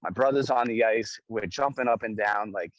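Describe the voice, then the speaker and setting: A young man with a low, deep voice tells a game story in loose, casual speech. He gets swept up, swears freely and repeats himself for emphasis. The recording is dry and close, with little room sound. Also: normal speed, no room sound, muffled recording. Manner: excited, swears, repeats phrases. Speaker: guest, pro hockey goaltender.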